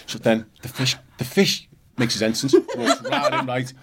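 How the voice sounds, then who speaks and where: A man's voice: medium pitch, wildly swooping pitch, normal speed, background noise. A middle-aged man, a podcast guest, telling rambling stories in casual chat, swearing freely and acting out what others said. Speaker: podcast guest, former footballer.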